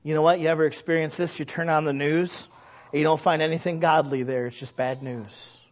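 A man preaching a sermon, talking conversationally to the congregation and often asking them questions, then building from quiet asides into loud, emphatic exclamations. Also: on the high side, fairly even intonation, brisk. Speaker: pastor. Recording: muffled lo-fi recording.

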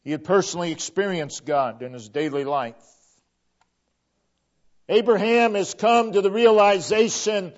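A man preaching a sermon with slow, deliberate emphasis, his voice sinking to a hush at the end of phrases. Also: high-pitched, dull audio.

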